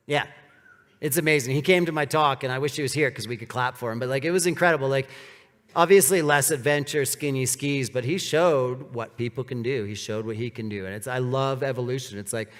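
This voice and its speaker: A man giving a casual, animated storytelling talk on stage, with many "like" fillers. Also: mid-range voice, brisk. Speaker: speaker giving a live talk. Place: large hall with an audience. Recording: reverberant hall.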